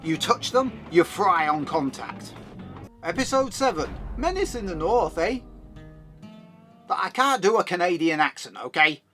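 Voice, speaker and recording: A high, bright male voice narrating a game review, his pitch bouncing lively from phrase to phrase. He reads a script but slips in wry, chatty asides. Faint game music plays under the voice-over. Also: moderate pace.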